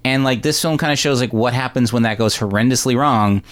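A man's voice: mid-range voice, fairly quick. A man casually recapping a film with friends, acting out lines in exaggerated voices. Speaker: podcast host recapping a film. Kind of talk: casual chat.

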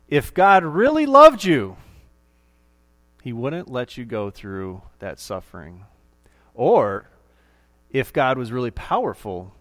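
Sly Satan tempter, wheedling and falsely sorry, voiced by a man at an ordinary mid pitch. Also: a bit bright, dry recording, studio quality. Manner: mock-sympathetic, wheedling.

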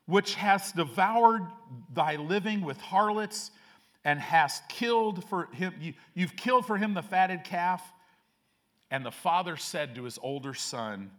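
A man preaching a sermon as pastor, reading scripture aloud with slow, emphatic phrasing. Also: a little high, lively intonation, fairly bright tone.

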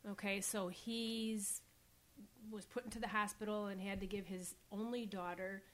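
A woman's voice: mid-range voice, fairly even intonation, moderate pace, a bit bright. Woman chatting on a podcast, medium voice, just talking through a story. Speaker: podcast guest. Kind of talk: casual chat.

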